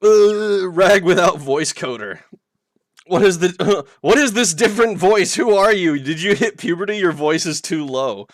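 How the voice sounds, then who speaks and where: A man's voice: sits high, expressive, unhurried, dry recording, studio quality. A man streaming live in a playful, teasing way, reading chat aloud and laughing often.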